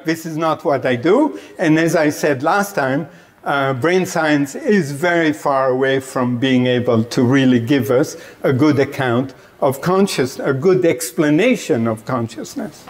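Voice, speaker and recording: Slow, deliberate male lecturer. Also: fairly high pitch. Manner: deliberate, checks in with "Okay?", light chuckles. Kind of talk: academic lecture. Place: meditation center classroom.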